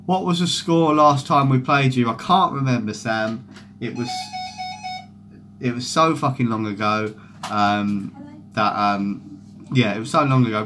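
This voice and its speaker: A man's voice: on the low side, fairly bright tone, a little hiss or hum. A young man chatting loosely on a football fan stream, swearing a lot and reading out viewer comments. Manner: sweary, rambling, reads out chat comments. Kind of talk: casual live-stream chat.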